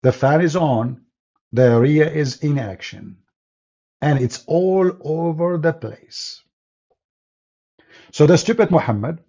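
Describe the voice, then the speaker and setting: Scornful husky man with broken English. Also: medium pitch, dark tone, lo-fi sound. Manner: scornful, emphatic, laughs and jeers often; non-native English with broken grammar. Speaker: religious debater. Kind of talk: mocking polemic commentary.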